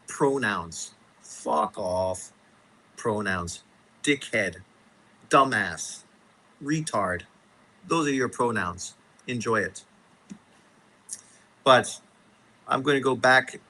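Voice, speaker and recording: A man hosting a boxing live stream, going off in a profane, exasperated rant. His voice is bright and forceful, and he talks at a middling pitch. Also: takes it slowly, pauses often, slight background noise, poor audio. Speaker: boxing show host.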